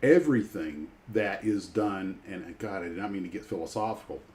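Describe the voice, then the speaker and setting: With a low, slightly mellow voice at a moderate pace, a man who is a retired pilot hosts a livestream. In casual chat he tells rambling stories, restarting again and again.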